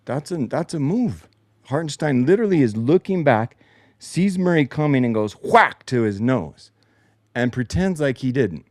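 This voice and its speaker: A man's voice: mid-range voice, expressive, normal speed, no echo, clean studio sound. Sarcastic, swearing male sports host. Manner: frustrated, sarcastic, swears a lot. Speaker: show host. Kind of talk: profane post-game replay commentary. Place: home basement.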